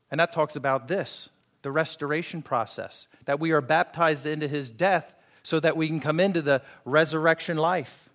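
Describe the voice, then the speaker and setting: A man's voice, a little high and a bit bright, belongs to a pastor delivering a sermon in a conversational style. He acts out the voices of people he quotes and keeps checking whether his listeners are following along.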